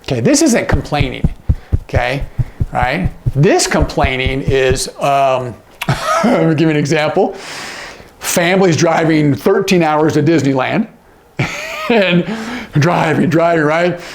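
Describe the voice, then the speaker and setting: A man's voice: on the high side, huge pitch swings, slow pace, gravelly, slight background noise. A man teaching sign language in a casual, demonstrative way, often checking in with "okay?" as he explains. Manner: demonstrative, asks frequent check-in questions.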